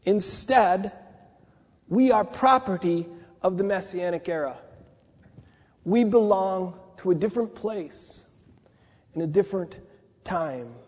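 A man with a high, husky voice preaches a sermon, talking it through conversationally and posing rhetorical questions. His words ring out with a long reverb, as in a large hall. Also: slow, long pauses.

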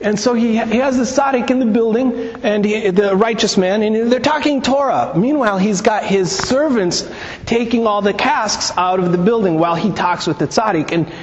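A man's voice: sits high, moderate pace, slight background noise. A man giving a conversational teaching on scripture and Talmud, retelling stories and asking rhetorical questions. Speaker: Bible teacher. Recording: long reverb, dull lo-fi sound.

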